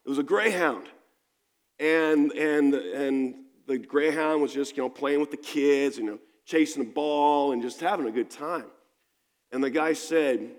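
A man's voice: medium pitch, moderate pace. A man preaching a sermon in a conversational, storytelling manner, with frequent restarts. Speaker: pastor. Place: church sanctuary. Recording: long reverb of a church hall.

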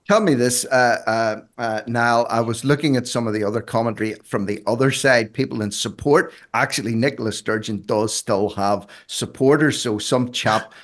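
A male talk show host chatting casually with mocking, theatrical emphasis. His pitch is an ordinary male middle. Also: moderate pace, hardly any pauses.

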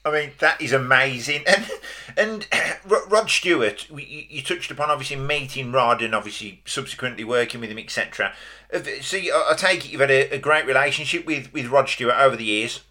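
A man's voice: medium pitch, brisk, pushed and bright. A man hosting a podcast interview, asking questions and chiming in with short reactions. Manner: brief encouraging interjections. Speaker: podcast host.

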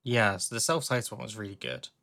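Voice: mid-range voice, big pitch swings, fast talker, a crowd in the background. A co-host of a casual music podcast who teases dryly and restarts sentences often. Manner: dry teasing, hesitant restarts. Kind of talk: casual chat about music.

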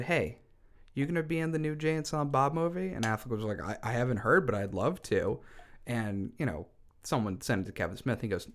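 A man co-hosting a casual podcast, chatty and joking, telling stories about film news. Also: mid-range voice. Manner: animated, joking, chatty storyteller. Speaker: podcast co-host. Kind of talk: casual chat.

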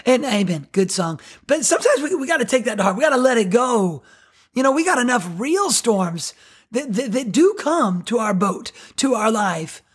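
A middle-aged woman pastor giving a sermon in a chatty, animated, self-deprecating way. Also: on the high side, normal speed, breathy edge.

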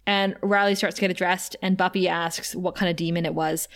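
A young woman co-hosting a podcast, recapping a TV episode in a chatty, animated way and quoting the characters. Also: lowish voice, brisk. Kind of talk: casual chat.

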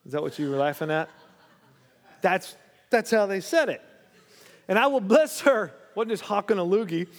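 A man's voice: sits high, expressive, normal speed, pauses often. A male pastor preaching a sermon, reading scripture aloud and then commenting, often checking in with the congregation. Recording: long hall reverb.

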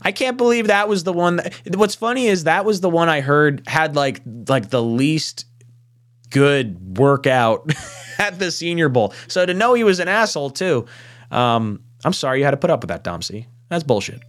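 A man's voice: fairly high pitch, expressive, moderate pace. A man hosting a casual sports panel livestream, joking and reading viewer comments aloud. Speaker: panel host.

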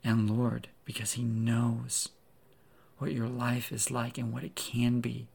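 A man preaches an earnest sermon in a heavily gravelly voice. His tone stays flat and narrow in pitch, with a husky edge. He swings from loud emphasis to near-whispers. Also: takes it slowly.

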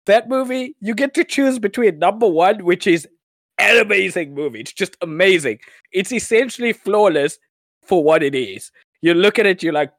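A man's voice: high voice, normal speed, dry recording. A man co-hosting a podcast in casual chat, enthusiastic and gushing, laughing often. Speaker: podcast co-host.

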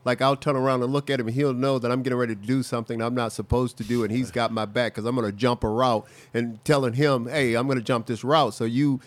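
A man's voice: mid-range voice, level tone, quick pace, hardly any pauses. A man who played the game, talking football in a heated, repetitive way. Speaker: former player, co-host. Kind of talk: casual sports talk.

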